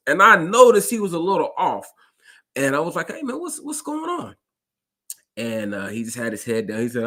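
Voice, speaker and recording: A man who drives a school bus, casually telling a story to his listeners and acting out the dialogue with lively jumps in his voice. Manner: animated, acts out dialogue with big pitch jumps; conversational, addresses listeners directly.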